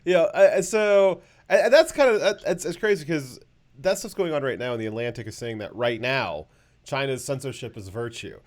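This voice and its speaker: A man's voice: medium pitch, a little fast. A man hosting a casual political talk show, rambling with many fillers and a sarcastic edge. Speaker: show host.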